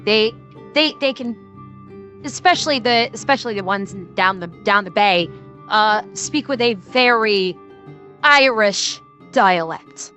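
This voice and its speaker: A woman's voice: medium pitch, animated, a little slow, pushed and bright, soft background music. A woman with a Midwestern accent chatting casually on a stream, rambling with many restarts and frequent laughter. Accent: Midwestern American.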